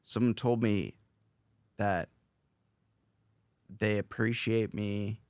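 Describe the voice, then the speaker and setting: A man's voice: on the low side, steady tone, slow, clean tone, dry recording. A young man hosting a podcast, talking casually in a rambling, self-reflective way with many fillers and restarts. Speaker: podcast host, interviewed as guest.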